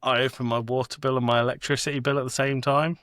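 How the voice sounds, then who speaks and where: British male co-host, dry deadpan joke delivery, close dry mic, mid-pitched voice. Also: fast talker, no echo. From Britain. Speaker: podcast co-host. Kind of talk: casual comedic chat.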